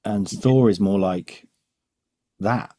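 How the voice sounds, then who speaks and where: A man's voice: fairly low pitch, slow, mellow. A man co-hosting a podcast, chatting casually and laughing often as he talks. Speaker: podcast co-host. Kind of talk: casual comedic chat.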